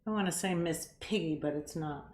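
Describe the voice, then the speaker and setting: A woman's voice: deep voice, brisk, darkish tone. A woman co-hosting a comedy show, cracking bawdy jokes and laughing through the banter. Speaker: co-host. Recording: echoey room with faint noise.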